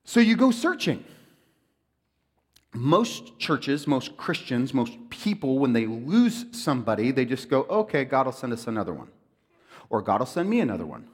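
A man preaching a sermon as pastor, joking and acting out quoted voices with lively animation. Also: medium pitch, moderate pace, husky. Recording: reverberant hall.

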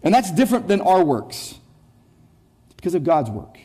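High-voiced, mellow-toned male preacher. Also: big pitch swings, moderate pace, slightly rough. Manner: emphatic, repetitive phrasing with frequent word restarts; rhetorical, addresses listeners directly. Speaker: pastor. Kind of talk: expository sermon.

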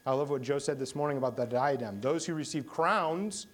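Guy preaching, jokey storyteller, jumps up loud on the big bits, middle pitch. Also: a little fast. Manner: lively storytelling with humor and sudden bursts of emphasis. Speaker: pastor. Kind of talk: sermon.

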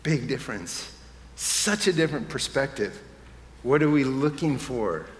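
A man's voice: mid-range voice, expressive, unhurried, slight background noise. A man preaching a sermon as pastor, conversational at first and rising to impassioned emphasis. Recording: echoey hall with faint room ambience.

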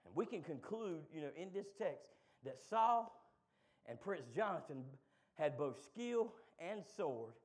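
A man preaching a sermon, moving from quick low asides to loud, shouted call-and-response. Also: big pitch swings.

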